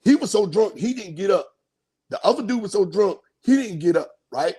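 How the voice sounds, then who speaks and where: Husky, high-voiced man telling crude stories. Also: moderate pace. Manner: crude, animated storytelling with voiced quotes. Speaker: podcast host. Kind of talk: casual storytelling.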